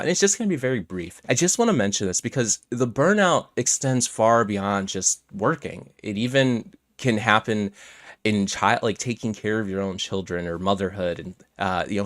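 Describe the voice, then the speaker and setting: Young guy reacting to clips, kinda low voice, swears a lot, just talking casual and blunt. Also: fairly bright tone, dry recording, clean studio sound. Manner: blunt, swears freely, conversational. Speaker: commentary channel host.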